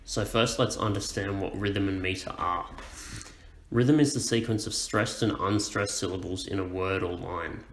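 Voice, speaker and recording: Male educator, low voice, slow clear explainer, echoey room. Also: steady tone, slight background noise. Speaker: teacher.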